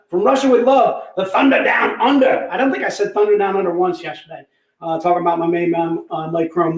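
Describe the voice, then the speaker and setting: Energetic male livestream host, high-pitched, jokey patter, roomy echo. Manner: energetic, joking, repeats "all right". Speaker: livestream host selling comic packs. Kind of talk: casual sales livestream chat. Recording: echoey room.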